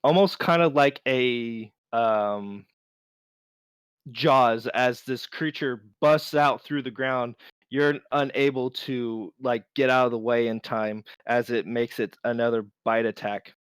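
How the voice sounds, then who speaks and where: A man narrating as game master of a tabletop game, relaxed and unhurried, with many fillers. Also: mid-range voice, smooth, no echo, clean studio sound.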